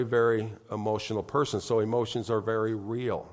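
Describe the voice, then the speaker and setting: A man's voice: on the low side, little pitch movement, normal speed, few pauses, a faint crowd. A middle-aged man preaching a sermon in church, conversational and heartfelt, building to emphatic, rising appeals. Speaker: pastor.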